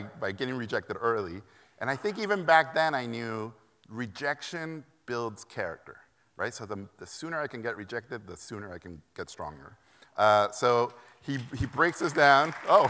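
Animated man telling stories. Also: medium pitch. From Mexico. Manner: lively, animated anecdotes, laughing often. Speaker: keynote speaker. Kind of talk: storytelling keynote. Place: conference hall stage. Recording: echoey conference hall.

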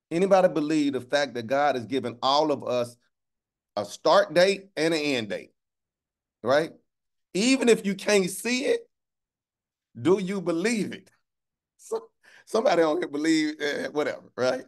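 A man preaching with a voice that sits a little high. He talks plainly and colloquially, checks in with "right?" over and over, and slows right down to drive a phrase home. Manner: call-and-response, keeps asking "right?"; colloquial, drawls phrases slowly for emphasis. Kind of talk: sermon.

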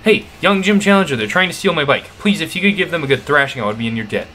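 Brief: prim eager townsman played by a man, formal and chipper, bright voice. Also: fairly high pitch, lively intonation, quick pace. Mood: pleading. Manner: formal, old-fashioned, gushing. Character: polite fussy male townsman, eager inventor.

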